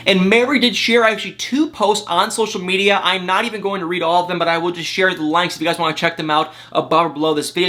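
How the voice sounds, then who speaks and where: A man's voice: a little high, sharp tone. A young man hosting a casual celebrity gossip video, talking emotionally and with lots of emphasis straight to his viewers. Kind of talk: casual reality TV gossip commentary to camera.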